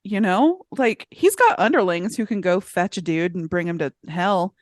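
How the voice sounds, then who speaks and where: A woman's voice: on the low side, sing-song, dry recording, studio quality. Giggly woman chatting on a podcast. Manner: giggly, playful, acts out quick character lines. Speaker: podcast co-host. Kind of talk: casual chat.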